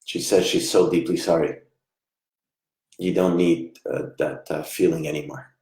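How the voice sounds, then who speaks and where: A man giving a live online psychic reading, soft-spoken and halting, often trailing off quietly. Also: sits low, fairly even intonation. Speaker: psychic medium. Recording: echoey room.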